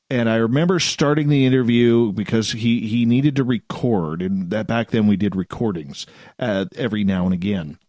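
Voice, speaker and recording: Animated male radio host. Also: lowish voice, no room sound, clean studio sound. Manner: animated storytelling, laughs as he talks. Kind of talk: casual chat.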